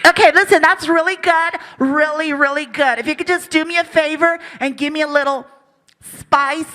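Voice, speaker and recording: A male comic doing a bright, high-voiced female studio director, chirpy and bossy-polite, all forced encouragement in a stand-up bit. The voice sits up high with a crisp, tense edge. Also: fairly even intonation, normal speed, a little hiss or hum. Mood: coaxing. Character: upbeat female voice-over director, coaxing. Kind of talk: stand-up comedy impression.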